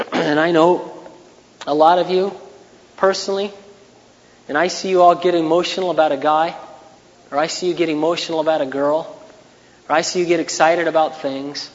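A man preaching a sermon in an earnest way, now and then rising into loud, raised passages. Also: on the high side, fairly even intonation, moderate pace, pauses often, long reverb tail, highs cut off. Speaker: pastor.

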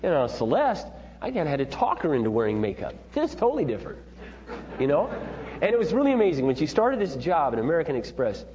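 A middle-aged man leading a parenting seminar, talking in a rambling, folksy, animated way to a group. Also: fairly high pitch, fast. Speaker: seminar leader. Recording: dull echoey hall with faint hum.

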